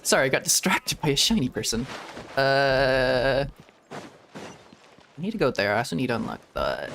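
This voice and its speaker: A man's voice: medium pitch, very animated, unhurried, gravelly, long pauses, fairly bright tone, slight background noise. Giggly man streaming a game. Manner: playful, chaotic, laughs often, joking asides. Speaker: VTuber streamer. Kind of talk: casual gaming commentary. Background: game music.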